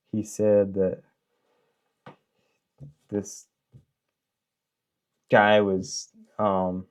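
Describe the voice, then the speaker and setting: A man's voice: deep voice, darkish tone, highs cut off. A man in casual podcast chat, telling a rambling story with lots of ums and chuckles.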